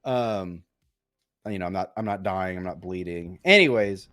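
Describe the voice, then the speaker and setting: A man's voice: deep voice, normal speed, bright, forceful tone, soft background music. Rambling young man telling a story. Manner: rambling, many fillers and restarts. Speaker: podcast co-host. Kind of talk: casual storytelling chat.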